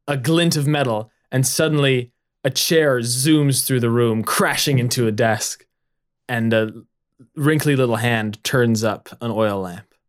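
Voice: medium pitch, unhurried. A game master narrating a tabletop role-play scene in a descriptive, casual way.

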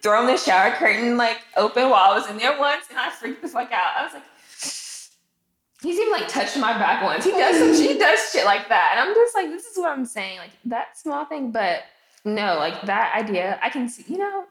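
A woman in casual chat, relaxed and slangy, swearing freely. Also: a little high, brisk. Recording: echoey room.

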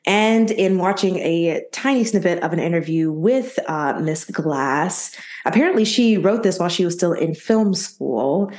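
A bubbly woman co-hosting a podcast in casual chat, giggling often as she talks. Her voice sits a little low, and the recording carries a roomy echo. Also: lively intonation, unhurried, darkish tone. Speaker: podcast co-host.

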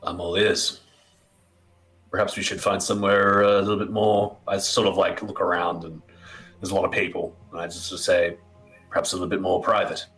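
A man playing a tabletop game, talking in a relaxed, easygoing way. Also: low voice, a little fast, soft background music, poor audio. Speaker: player. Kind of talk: casual tabletop play.

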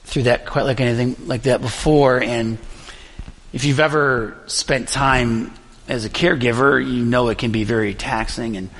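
A fairly young man preaching a sermon as pastor, telling a personal story earnestly with frequent pauses. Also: mid-range voice, steady tone, fairly bright tone, in a large hall. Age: young adult.

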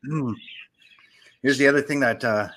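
A man's voice: mid-range voice, moderate pace, a bit bright. A man co-hosting a casual podcast, talking loosely with fillers and "you know". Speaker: podcast co-host. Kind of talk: casual chat.

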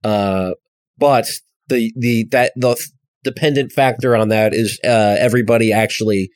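A man's voice: on the low side, steady tone, normal speed, darkish tone, no echo. American man in casual podcast banter. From United States. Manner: rambling, self-deprecating, swears casually. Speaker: podcast co-host. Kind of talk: casual comedic chat.

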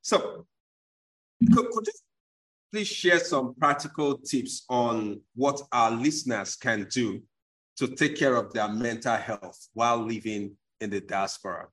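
Man, podcast host, earnest, supportive, medium pitch. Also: animated, a little slow, a bit bright. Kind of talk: interview hosting.

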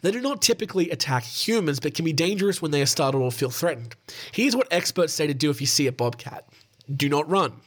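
A man's voice: a little high, animated, fast. A young Australian man hosting a podcast, reading news stories with sweary, laughing asides and sounding tired. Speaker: podcast host.

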